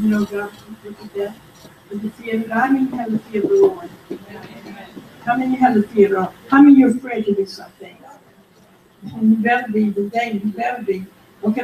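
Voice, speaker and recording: A woman's voice: medium pitch, a little hiss or hum. Woman teaching Bible study, far from mic. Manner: animated, calls for amen, reads scripture aloud. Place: church room. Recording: roomy, distant mic, faint background.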